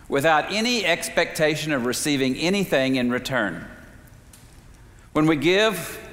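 A man preaching a sermon, telling a story in a measured way with slow, emphatic pauses. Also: fairly high pitch, a bit bright. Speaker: pastor. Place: church sanctuary. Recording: reverberant sanctuary.

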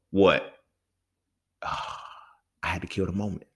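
A man's voice: deep voice, steady tone, slow, fairly bright tone, breathy edge. A young man hosting a casual solo podcast, talking in a heated, profane, conversational way and often checking in with the listener. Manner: profane, heated, conversational, keeps asking "you feel me". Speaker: podcast host.

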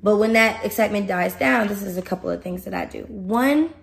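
An animated woman hosts her podcast in a casual motivational talk, with a mid-range voice. She speaks straight to her listeners and is emphatic, often acting out her own thoughts aloud. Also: mid-range voice, brisk, vocal fry. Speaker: podcast host.

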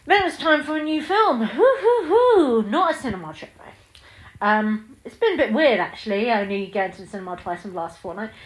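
A woman's voice: fairly high pitch, very animated, moderate pace, poor audio. Chatty woman in her thirties. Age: 30s. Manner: chatty and gushing, with frequent ums. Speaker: podcast host. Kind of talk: casual solo film chat.

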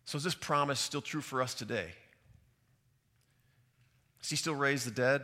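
On a stage mic in a large church hall, a middle-aged pastor preaches a sermon and shares personal stories, earnest and reflective. His voice is medium in pitch with a sharp tone, and the hall reverb is audible.

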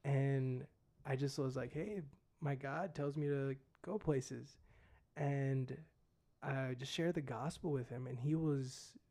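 A man's voice: mid-range voice, slow, dark tone. A young man, a missionary guest, casually telling a story and saying "dude" and "like" a lot. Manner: laid-back, fillers like "dude" and "like".

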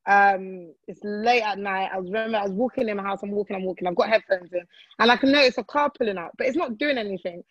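A woman, co-hosting a casual chat and telling a story in a relaxed way, full of slang. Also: medium pitch, quick pace, no room sound, lo-fi sound. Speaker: podcast co-host.

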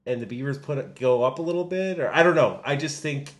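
A man's voice: medium pitch, fast. A young man co-hosting a casual sports podcast, talking with many ums and restarts. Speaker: podcast co-host.

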